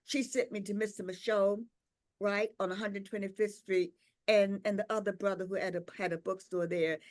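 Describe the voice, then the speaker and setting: Reflective older woman telling a story. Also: mid-range voice. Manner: reflective and unhurried, with frequent "um" and "uh"; repeats words and checks in with "right?". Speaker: invited speaker, professor. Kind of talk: personal storytelling at a tribute gathering.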